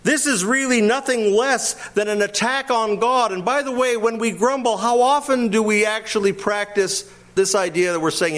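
Male pastor, somewhat high voice, emphatic teaching delivery with rhetorical questions. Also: normal speed, few pauses, fairly bright tone. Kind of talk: expository sermon.

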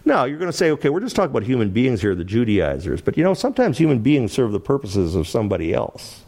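A man teaching through a Bible passage, animated and laughing often as he acts out the quoted lines. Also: medium pitch, quick pace.

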